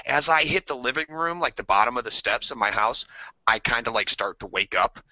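Casual male podcast storyteller: bright, forceful tone, lots of swearing and restarts, lo-fi recording. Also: medium pitch, a little fast, dry recording. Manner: animated, acts out screams and voices in his stories; swears freely, restarts sentences. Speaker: podcast co-host. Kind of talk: casual storytelling among friends. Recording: dry, dull lo-fi podcast audio.

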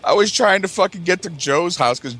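A man's voice: high-pitched, expressive, a little fast, fairly bright tone, husky. A man from the US Midwest telling a crude, exaggerated story for laughs among friends. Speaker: podcast regular.

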